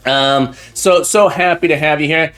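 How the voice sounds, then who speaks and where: A fairly high-voiced man hosts a casual live stream, greeting each viewer by name with effusive thanks. His talk rambles and restarts as he gets a little emotional. Faint background music plays under his voice. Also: moderate pace, fairly bright tone. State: getting emotional.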